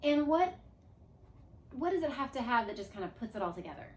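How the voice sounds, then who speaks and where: Her voice is high and fairly quick as she coaxes a class through grammar review, lively and leading chants. The echoey classroom has a board.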